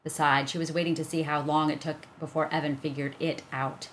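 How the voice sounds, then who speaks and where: A woman calmly reading a children's chapter book aloud as narrator. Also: low-pitched, fairly quick. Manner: calm, even storytelling.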